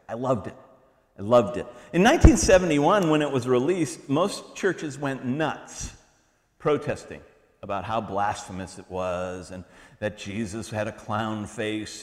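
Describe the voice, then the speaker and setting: Middle aged guy preaching, bouncy up and down delivery, jokey asides, church hall echo. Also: lowish voice. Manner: animated, conversational preaching with asides and humor. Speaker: pastor. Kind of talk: sermon. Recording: long hall reverb.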